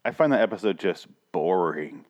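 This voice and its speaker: A man with a lowish voice co-hosting a podcast. He talks in blunt, profane casual chat and acts out scenes with animated retellings. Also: normal speed. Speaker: podcast co-host.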